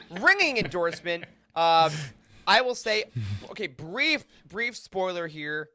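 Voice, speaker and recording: A man hosting a casual podcast roundtable, enthusiastic, laughing often and throwing in animated asides. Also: high-pitched, slow, long pauses. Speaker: podcast host.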